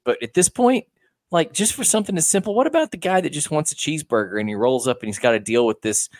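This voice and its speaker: A man's voice: a little high, animated, fast, no echo, studio quality. A man co-hosting a casual podcast from home, rambling in a wry, joking way. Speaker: podcast co-host. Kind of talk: casual chat.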